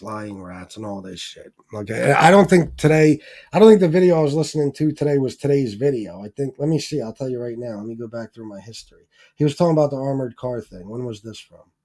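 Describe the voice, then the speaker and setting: A man hosting a live stream in loose, unscripted commentary. He swears freely and circles back with plenty of fillers and restarts. His voice sits in a middling register and pushes up and gets more forceful when he gets worked up. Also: medium pitch. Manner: profane, rambling, lots of fillers and restarts; turns heated and emphatic when ranting. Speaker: livestream host reading viewer donations.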